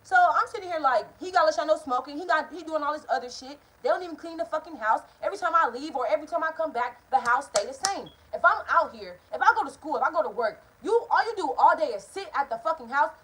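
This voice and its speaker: A young woman rattles through a personal story at speed, her high voice leaping all over the place. She is blunt and full of swearing, and she talks straight to the camera as if to friends. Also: fast talker, few pauses, a little hiss or hum, low-quality recording. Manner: animated, profane, talks straight to viewers; acts out quoted people in changed voices. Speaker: vlogger. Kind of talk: casual storytime monologue.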